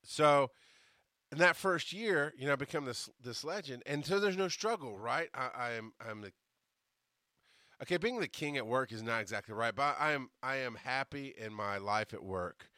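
A man hosting his podcast, telling a story from his working life in a casual, animated way, cursing and restarting his sentences. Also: medium pitch, normal speed, dry recording, clean studio sound. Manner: animated, profane, many restarts. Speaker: podcast host.

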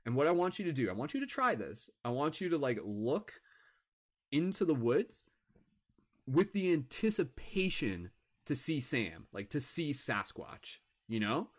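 A man's voice: medium pitch, very animated, a little slow. A young man doing improvised stand-up at an open mic, rambling with lots of filler words and restarts. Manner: heckles himself in a mock crowd voice.

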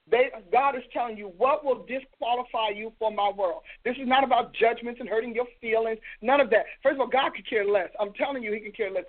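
Emphatic woman preaching over a phone line. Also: a little high. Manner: emphatic, scolding rhetorical questions. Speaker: host and preacher. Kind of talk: preaching broadcast. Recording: tinny phone-line sound.

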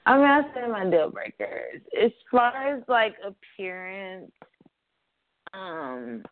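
A woman's voice: mid-range voice, sing-song, slow. A young woman hosting a casual call-in talk show from her apartment, blunt and profane, rambling and laughing as she talks. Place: apartment room. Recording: tinny phone-like line.

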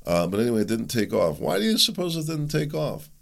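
A man's voice: mid-range voice, big pitch swings, fast talker, vocal fry. A man hosting his own show, talking through a rambling, speculative solo commentary in a musing tone. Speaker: podcast host.

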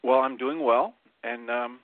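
A man calling in to a radio show and giving a relaxed report on a group meeting, with many fillers. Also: mid-range voice, unhurried. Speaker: regular caller, group leader. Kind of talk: casual call-in report. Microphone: phone. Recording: dry phone-line audio.

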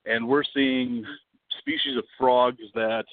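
A man guesting on a podcast, telling a travel story in a lively, dramatic way and swearing freely. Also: mid-range voice, takes it slowly, dry recording. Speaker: podcast guest, wildlife video producer. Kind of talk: casual storytelling. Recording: dry, tinny phone-like line.

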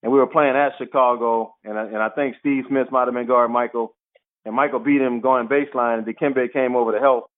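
Over a thin, phone-like line, a man who once played professional basketball recounts stories in an interview. His mid-range voice moves fairly quickly, and he brings the tales to life by performing the quotes.

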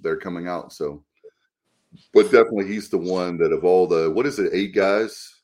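A man hosts a casual sports podcast chat, rambling enthusiastically and running the show as he steers the conversation. His voice is low-pitched and darkish, at normal speed.

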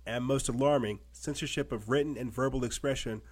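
A man's voice: mid-range voice, a little fast, breathy edge. A man with a mid-range voice hosts a commentary show, reading articles aloud. He punctuates them with pointed rhetorical questions. He drives his points home by repeating himself. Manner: emphatic, repetitive rhetorical questions.

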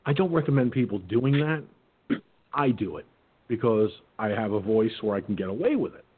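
Blunt, husky-voiced male radio host. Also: lowish voice, expressive, moderate pace. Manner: blunt and profane, storytelling. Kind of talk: call-in radio talk. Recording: phone-like line.

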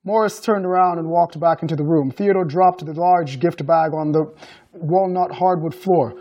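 Male author reading his own fiction, high-pitched, measured delivery. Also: dark tone, dull audio. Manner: measured storytelling with acted dialogue. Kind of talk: reading aloud from his novel.

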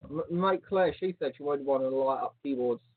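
Man, playful teasing banter, slightly husky voice, tinny phone-like audio. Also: medium pitch, moderate pace. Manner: teasing, joking, animated. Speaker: podcast co-host. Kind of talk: casual banter. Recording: phone-like lo-fi line.

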